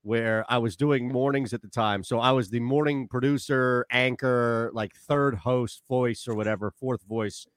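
A man's voice: medium pitch, measured pace, few pauses, clear, resonant tone, no room sound. A man co-hosting a sports radio show from Philadelphia, telling stories casually with laughs. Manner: animated anecdote-telling with laughs. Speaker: radio co-host.

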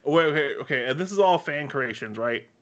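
A man's voice: a little high, animated, fairly bright tone, highs cut off. Jokey male podcast co-host. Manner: jokey, quick to tease and laugh. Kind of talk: casual podcast interview.

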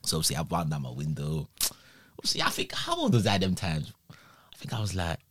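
A man's voice: deep voice, huge pitch swings, fairly quick, fairly bright tone, husky, no room sound. A young man in his twenties with a London accent, telling a story in casual, slang-heavy chat.

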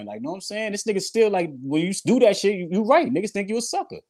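A man in casual chat, telling personal stories quickly and quoting others. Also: high voice, sing-song, a little mellow. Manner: fast, conversational, quotes others. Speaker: guest, former prisoner.

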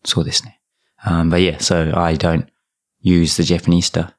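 A man's voice: deep voice, monotone, moderate pace. A young man with a New Zealand accent hosting a podcast, chatting casually in a rambling way with many fillers and restarts. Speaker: podcast host. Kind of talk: casual chat.

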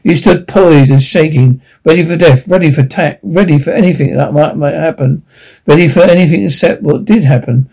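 A man narrating a science-fiction audiobook, with a mellow, warm tone and a pitch a bit above the usual for men. His reading is halting, with frequent stumbles and repeats. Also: vocal fry, husky, poor audio.

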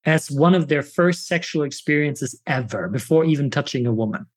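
A man's voice: fairly high pitch, lively intonation, breathy edge. A man on a podcast telling a personal story in earnest, candid talk. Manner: earnest, acts out his own past lines in quick bursts.

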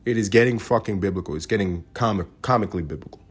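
Husky-voiced man ranting on a podcast. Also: lowish voice, racing. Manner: profane, sarcastic, swings from loud outbursts to mumbling. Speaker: podcast host. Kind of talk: solo comedic podcast rant.

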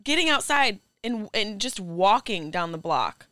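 A woman's voice: mid-range voice, very animated, measured pace, sharp tone, dry recording, clean studio sound. A woman guest on a podcast, talking in an earnest, reflective and emphatic way. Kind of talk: casual chat.

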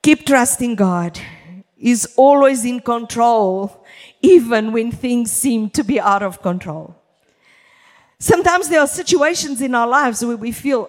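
Slow, emphatic woman preacher in a reverberant hall. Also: a little high. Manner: emphatic, deliberate, addresses the congregation directly. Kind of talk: church sermon. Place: church hall.

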